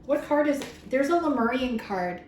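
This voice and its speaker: A woman doing a casual tarot reading for her viewers, excitable and swearing freely as she talks straight to the camera. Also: high voice, normal speed, reverberant, slight background noise, poor audio. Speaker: tarot reader. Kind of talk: casual spiritual reading vlog.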